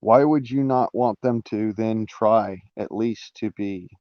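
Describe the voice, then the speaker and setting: A man's voice: fairly low pitch, slow pace, no echo, dull audio. A man talking through a casual live-stream monologue, rambling with restarts and fillers, swearing now and then.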